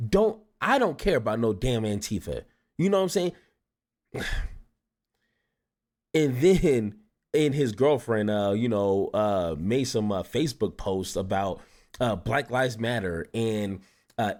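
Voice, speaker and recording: A man's voice: mid-range voice, lively intonation, measured pace, long pauses, darkish tone. A man hosting a reaction video, giving casual, exasperated commentary with sighs and restarts. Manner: exasperated, sighing asides with many restarts.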